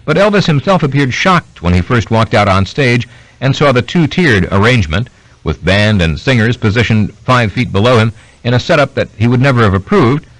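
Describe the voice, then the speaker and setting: A man reading a biography aloud as an audiobook narrator, in steady scripted narration. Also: medium pitch, dry recording, rough recording. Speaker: audiobook reader.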